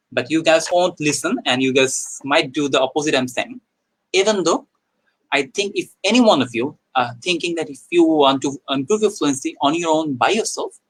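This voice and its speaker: A man's voice: a little high, a bit bright, low-quality recording. A young man with a Bangladeshi accent, teaching an English speaking lesson in a live stream, explaining with small restarts and frequent okays. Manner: explanatory, repeats himself with small restarts and "okay"s.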